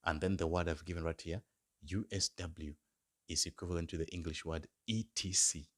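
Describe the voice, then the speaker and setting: A man teaching beginner German phrases in English, slowly modelling each phrase and repeating words for learners. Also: low voice, steady tone. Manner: slow, drawn-out modelling of example phrases. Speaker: German language tutor.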